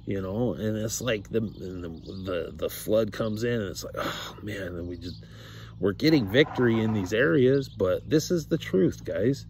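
A man's voice: on the low side, normal speed, background noise. A man talking casually to camera about faith, rambling with many fillers and repeated words. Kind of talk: casual religious monologue to camera.

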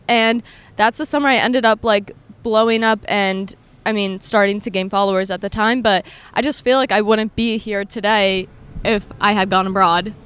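A young woman in her twenties hosting a podcast in casual chat, talking quickly and filling her sentences with "like". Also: mid-range voice, a bit bright, smooth. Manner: quick, chatty, heavy use of "like". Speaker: podcast host.

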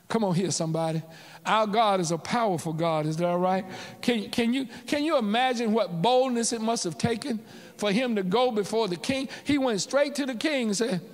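In a church sanctuary with hall reverb, a pastor with a high-sitting voice preaches at normal speed. He calls out to his congregation in call-and-response style, his delivery rising and falling in waves.

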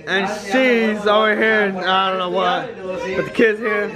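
A young man vlogging casually at a family party, slangy and excitable, tipsy, mixing in Spanish words. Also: high voice, unhurried, a loud crowd. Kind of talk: casual vlog chat. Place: outdoors at a family party on a ranch.

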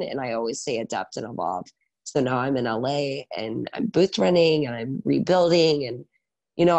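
A man in his thirties, a guest on an interview podcast, telling his story in an energetic, animated way with lots of filler words. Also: mid-range voice. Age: 30s. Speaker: guest, salon owner and educator.

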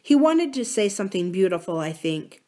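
A woman reading a novel aloud for a library series, in a measured, even storytelling manner. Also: mid-range voice. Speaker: library reader.

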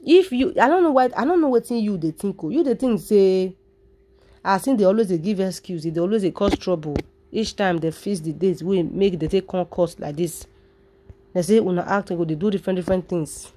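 Nigerian woman, gossip vlogger, mid pitch, dramatic and chatty to camera. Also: dark tone, a little hiss or hum. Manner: dramatic, addresses viewers directly, drawn-out sighs. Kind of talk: Nigerian Pidgin gossip commentary.

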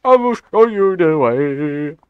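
A man voicing a meme echidna clan leader who chants slowly and solemnly about the way, on a dull, dry mic. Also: a little high, lively intonation, clear, resonant tone, dry recording. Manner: slow, solemn, chanting repetition.

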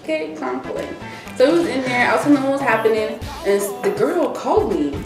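A young woman vlogger telling a story casually, animated and laughing, acting out the people she quotes. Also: high-pitched, quick pace, roomy sound, over music. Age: young adult.

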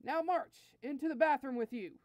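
A woman's voice: on the high side, brisk, dry recording, highs cut off, close to an everyday voice. A woman voicing an arrogant, short-tempered male alien prince who barks scornful orders, in a fan fiction story reading. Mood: sneering. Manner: barking, scornful commands.

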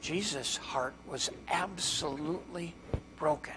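A male pastor preaching a sermon in a church, with dramatic pauses and strings of rhetorical questions, dropping to a hush on key words. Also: on the high side, background noise. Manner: drops to a hushed voice on key words.

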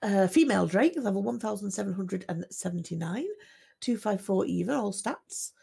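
Lady running a livestream auction, gravelly voice, calm going once going twice style. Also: medium pitch, moderate pace. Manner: steady methodical lot-calling, selling once, twice, sold.

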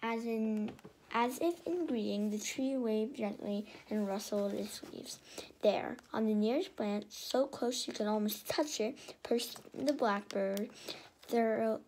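A woman reading a children's storybook aloud in a lively way, often stumbling and restarting. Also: on the high side, slow pace, a little hiss or hum. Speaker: reader.

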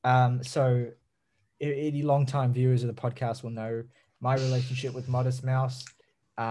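A man's voice: mid-range voice, darkish tone. A man co-hosting a music podcast, rambling and correcting himself in casual chat. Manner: rambling, self-correcting, laughs mid-sentence. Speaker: podcast co-host.

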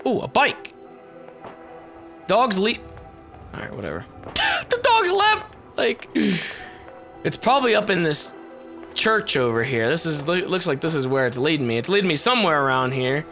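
A man giving excitable let's play commentary, swearing and shouting as he plays. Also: a little high, moderate pace, long pauses. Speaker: gameplay commentator. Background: game music.

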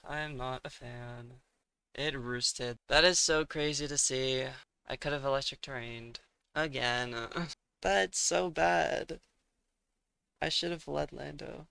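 A young man talks himself through a match at an unhurried pace, his voice gravelly with fry. His tone is bright and smooth. He mutters his thinking aloud and breaks into exasperated outbursts now and then. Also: a little high, dry recording. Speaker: gaming streamer. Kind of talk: casual gameplay commentary.

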